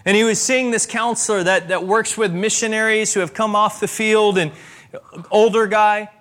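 High-voiced man preaching with emphasis. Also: steady tone, fairly bright tone. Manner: preaching with emphatic rises and slow, stressed repetitions. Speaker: pastor. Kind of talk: sermon.

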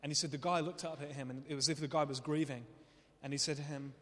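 A man's voice: on the high side, steady tone, fast talker, fairly bright tone. A man preaching a sermon, telling stories in a conversational but impassioned way. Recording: long hall reverb.

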